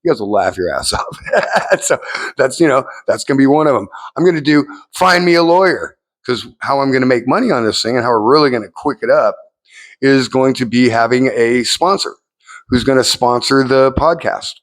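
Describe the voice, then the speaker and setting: Middle-aged guy rambling on his vlog, swears a lot, voice shoots up when he gets hyped. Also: normal speed. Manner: rambling, profane, jumps up in pitch when excited. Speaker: vlogger. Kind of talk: casual rambling monologue.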